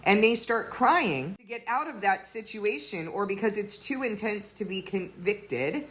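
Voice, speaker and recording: A woman's voice: medium pitch, expressive, a little slow, a bit bright. A woman giving an earnest sermon-style teaching, explaining with everyday examples. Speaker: teacher of a faith community.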